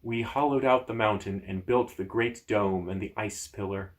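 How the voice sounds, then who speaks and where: A man doing a slow, solemn ice guardian. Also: fairly low pitch, natural voice. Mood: grave. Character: ancient ice-clump guardian, elemental keeper, solemn.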